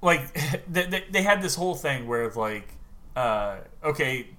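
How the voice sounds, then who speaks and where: A man chatting casually on a podcast, retelling stories in an animated, laughing way and swearing freely. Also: mid-range voice, measured pace. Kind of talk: casual chat.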